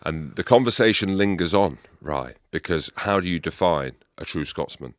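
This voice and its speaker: A man's voice: sits low, expressive, normal speed, no echo, studio quality. A man hosting a podcast in casual chat, leading with emphatic questions. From England. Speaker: podcast host.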